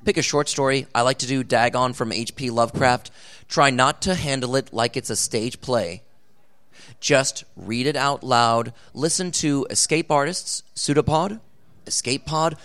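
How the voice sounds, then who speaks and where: A man speaking on a convention panel, giving animated, jokey advice on voice acting. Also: mid-range voice, unhurried.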